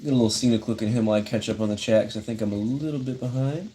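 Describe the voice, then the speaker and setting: A man's voice: medium pitch, steady tone, rapid-fire, dark tone. A young man casually chatting on a live stream, reading chat messages aloud and answering them in a laid-back way.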